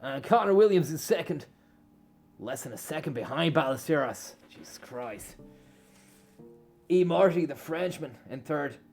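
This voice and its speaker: A man's voice: on the high side, expressive, unhurried, pauses often, darkish tone, soft background music. A man giving a crude, swearing, mock-serious comic rant while playing a racing game, full of over-the-top bravado. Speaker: comedic gaming commentator.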